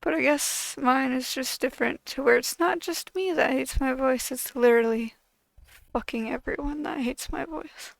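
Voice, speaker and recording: A woman's voice: high-pitched, normal speed, vocal fry, no echo, rough recording. A woman channel host venting to camera in a frustrated, profane, bitter way.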